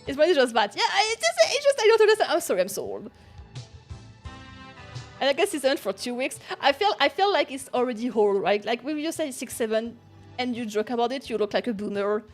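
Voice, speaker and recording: A woman's voice: high-pitched, sing-song, fairly quick, faint music behind. A young woman streamer, not a native English speaker, chatting casually with lots of giggles and restarts. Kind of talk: casual chat.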